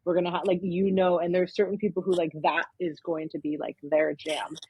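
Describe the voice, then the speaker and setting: A woman's voice: fairly low pitch, steady tone, normal speed, breathy edge, no echo, highs cut off. A woman, a counseling intern, talking in a casual podcast interview, explaining at length with many verbal fillers.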